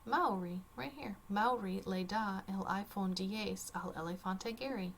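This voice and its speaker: Woman teacher, relaxed and unhurried, explaining a worksheet step by step with dry humor, faint background noise. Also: medium pitch. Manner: casual, chatty, wry asides. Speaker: Spanish teacher. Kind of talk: screen-recorded worksheet walkthrough.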